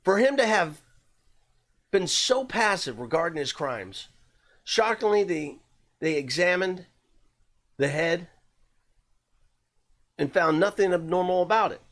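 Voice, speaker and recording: A man's voice: sits high, lively intonation, a little slow, pauses often, fairly bright tone. Casual, swearing true-crime storyteller man. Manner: conversational, loose, with frequent fillers and swearing.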